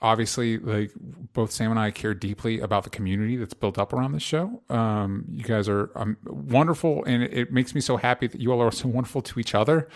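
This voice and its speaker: A young podcast host chats casually in an ordinary mid-pitched voice. He's earnest but a bit halting, with plenty of fillers and restarts.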